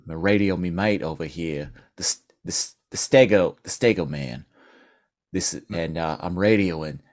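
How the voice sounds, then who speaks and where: Brash male polar bear, gruff put-on Aussie accent, low and rough, a man doing the voice. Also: moderate pace, close to an everyday voice. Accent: put-on Australian. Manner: gruff, slangy, says mate.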